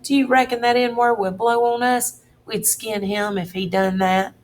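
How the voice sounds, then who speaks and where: A woman's voice: a little high, steady tone, a little slow, a little hiss or hum, voice pushed up, lightly acted. A woman voicing a middle-aged male con man who drawls and bosses in a threatening way.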